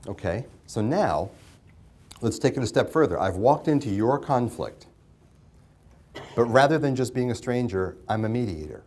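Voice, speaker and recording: A mediation instructor runs an interactive classroom lecture, speaking conversationally, putting questions to the class and repeating their answers back. His voice is medium-pitched and darkish, with lively intonation, a moderate pace and long pauses.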